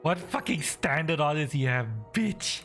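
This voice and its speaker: Brief: foul-mouthed gaming streamer, bright voice that swings wildly in pitch, loud swearing rants. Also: expressive, a little slow, faint music behind. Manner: loud, swearing outbursts of frustration. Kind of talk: profane ranting game commentary.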